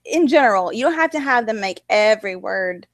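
A woman's voice: medium pitch, lively intonation, a little fast, dry recording. A woman in casual chat about writing, rambling with lots of fillers. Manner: rambling, many fillers like "like" and "you know".

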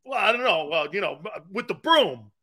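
A man hosts a sports talk show with an animated, high-pitched voice that swings up and down. His tone is bright and forceful, and his pace is unhurried. He wanders through jokes and side stories, laughing often. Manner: joking, laughs often, rambling asides.

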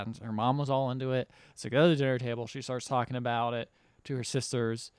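An American man co-hosts a podcast, casually recapping a film and performing the characters' lines. His medium-pitched voice is level, fast and smooth, recorded dry with clean studio sound.

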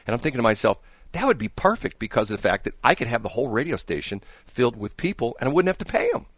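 A man's voice: medium pitch, very animated, fast, no echo, studio quality. A man hosting a radio talk show, chatting casually and rambling with jokes and restarts. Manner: rambling, joking, frequent restarts.

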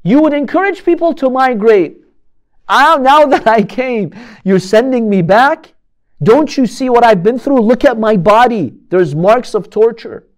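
A man voicing a desperate young man who pleads to be rescued, his voice raised and slow. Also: very high-pitched, expressive, voice pushed up. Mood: pleading.

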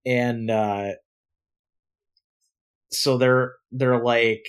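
A young man co-hosting a casual podcast, telling a story and acting out both sides with sudden loud outbursts and lots of swearing. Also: mid-range voice, little pitch movement, drawn-out words, pauses often, smooth. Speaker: podcast co-host. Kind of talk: casual chat.

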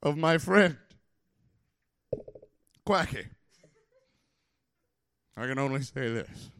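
A man performing a comic slam poem live, theatrical, swinging from loud outbursts to low mutters. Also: expressive, drawn-out words. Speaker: slam poet.

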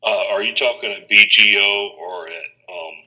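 A man's voice: lowish voice, moderate pace, bright, forceful tone, low-quality recording. A man joining a casual sports podcast as a guest writer, explaining his plans in a matter-of-fact way.

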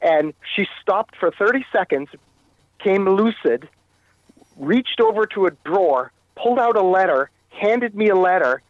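Halting man telling a harrowing story. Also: sits high, animated, no echo, narrow, tinny audio. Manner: halting, repeats words while recounting. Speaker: interview guest. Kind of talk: telling a personal story in conversation.

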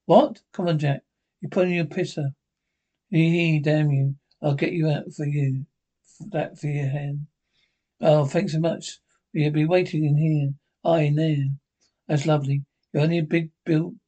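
Actors playing cheeky, bickering older Scottish pensioners in a broadcast sitcom, trading sweary banter. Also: male voice, a little high, steady tone, moderate pace, mellow, muffled recording, close to an everyday voice.

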